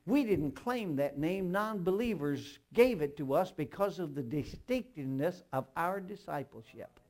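An older man gives a sermon as pastor, swinging between hushed tales and loud, insistent bursts, sprinkled with humor. His slightly high voice is animated and moves at a moderate pace.

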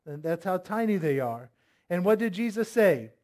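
Man, high-pitched voice, pastor, sermon, asks congregation questions, forceful scripture reading. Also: big pitch swings, normal speed. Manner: reads scripture aloud, voicing commands forcefully.

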